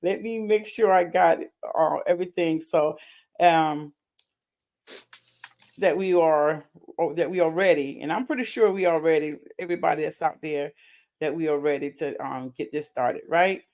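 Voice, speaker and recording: Excited woman hosting a live stream. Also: deep voice, normal speed. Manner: excited, chatty, repeats greetings; uses Southern US words like y'all. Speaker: livestream host and founder. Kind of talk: casual live-stream chat.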